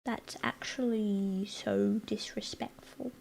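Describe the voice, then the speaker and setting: A woman's voice: mid-range voice, steady tone, slow pace, vocal fry, darkish tone, a little hiss or hum. An American woman streaming live, chatting casually and playfully with her viewers while she works on a design. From United States. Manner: chatty, playful, teasing, rambling asides to chat.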